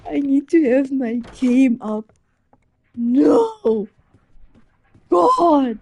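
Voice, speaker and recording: Flustered young woman, soft and breathy. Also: high voice, very slow, pauses often. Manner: flustered, embarrassed rambling with frequent restarts. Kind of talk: casual chat.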